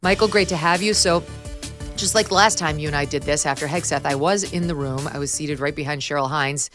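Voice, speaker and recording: A middle-aged woman hosting a talk show, brisk and emphatic, sometimes laughing as she talks. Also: low-pitched, fairly bright tone, soft background music. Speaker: host. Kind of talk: talk show host chat and read ad.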